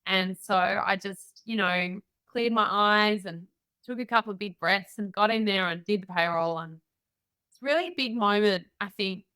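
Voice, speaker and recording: A clear, resonant woman's voice of medium pitch and moderate pace, recorded without echo. She's a middle-aged Australian entrepreneur appearing as a podcast guest, sharing candid stories in an animated way and acting out the voices of the people she quotes.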